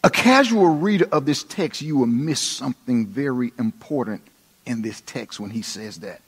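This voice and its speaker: A male pastor delivering a sermon, swinging between hushed passages and emphatic ones. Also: medium pitch, expressive, moderate pace, breathy edge. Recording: long reverb of a large hall.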